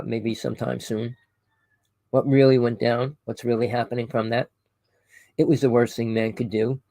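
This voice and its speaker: A gravelly man with a warm, mid-range voice rants to his viewers in a low-quality recording without echo. As an online conspiracy commentator speaking to camera, he rambles and preaches, corrects himself often, addresses listeners as "people," and asks rhetorical questions.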